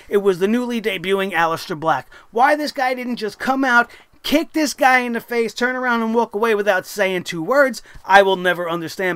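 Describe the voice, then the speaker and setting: A man's voice: very high-pitched, a bit bright, no echo. A man reviewing a wrestling show in a fired-up, sarcastic rant full of rhetorical questions and swearing.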